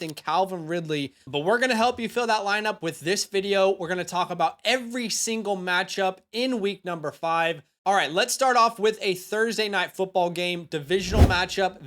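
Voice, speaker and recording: A young man hosting a fantasy football show, giving energetic, emphatic start-and-sit advice in a casual monologue. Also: sits high. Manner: hyped, emphatic, speeds up and slows down.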